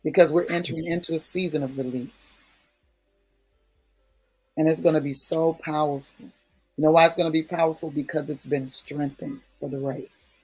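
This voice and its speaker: Man, prayer-session preacher, husky and a touch high, folksy and emphatic. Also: steady tone, moderate pace, darkish tone, faint music behind. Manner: folksy, emphatic, repeats key phrases. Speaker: prayer speaker.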